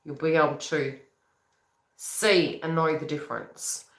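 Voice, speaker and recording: A woman, a psychic reader, talking casually to camera in a rambling, chatty way, breaking into quick laughs. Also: low-pitched, fairly even intonation, echoey room. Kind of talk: casual spiritual talk to camera.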